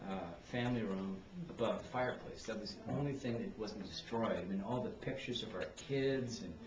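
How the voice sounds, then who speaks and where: A middle-aged man giving a heartfelt, rambling personal toast at a family gathering, halting often and restarting his sentences. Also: on the low side, background noise. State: tearful near the end. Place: indoor party room with guests. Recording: roomy, distant camera with crowd chatter.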